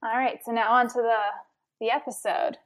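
A young woman co-hosting a podcast, chatting playfully with quick laughs. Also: on the high side, flat delivery. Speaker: podcast co-host. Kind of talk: casual chat.

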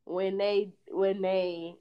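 Animated woman telling stories, dull audio. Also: medium pitch, very slow, clean tone. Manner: animated storyteller acting out her kids' lines. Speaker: podcast co-host and mother. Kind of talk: casual chat.

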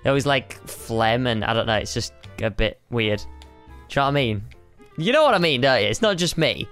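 A man's voice: mid-range voice, expressive, fairly quick, a bit bright, clean tone, soft background music. A man co-hosting a casual podcast chat, teasing his friend with fillers and laughs. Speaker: podcast co-host.

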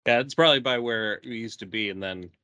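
A young adult man co-hosting a podcast in casual chat, relaxed and making dry remarks. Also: medium pitch, quick pace, no echo. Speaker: podcast co-host.

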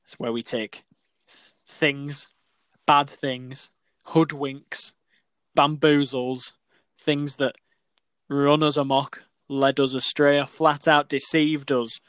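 A man's voice: mid-range voice, flat delivery, slow pace, pauses often, a bit bright, smooth, no room sound. A New man co-hosting a comedy podcast, playful and sweary, teasing his co-host. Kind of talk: casual comedy podcast banter.

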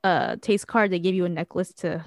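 A woman's voice: lowish voice, fairly even intonation, brisk, no room sound, clean studio sound. Chatty young woman telling a story. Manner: chatty storyteller, laughs often, filler-heavy. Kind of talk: casual chat.

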